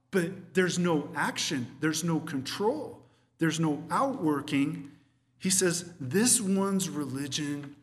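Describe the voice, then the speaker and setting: A man's voice: fairly high pitch, big-room sound. A man teaching verse by verse through a Bible letter in an emphatic sermon style, often checking in with "okay?". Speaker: preacher.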